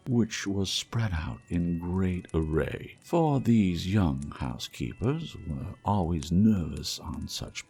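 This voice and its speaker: A deep, gravelly male narrator reading a classic tale at an unhurried pace. His delivery swings widely in pitch and dips into hushed asides, with faint music underneath. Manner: expressive, shifting to hushed asides. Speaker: audiobook narrator. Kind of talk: storybook reading.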